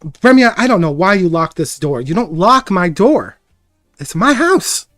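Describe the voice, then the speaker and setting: A game master voicing an indignant older aunt who shouts at her locked door and then turns gracious to her helpers. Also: animated, measured pace, no room sound, studio quality, soft background music, close to an everyday voice. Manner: shrill, booming, scolding.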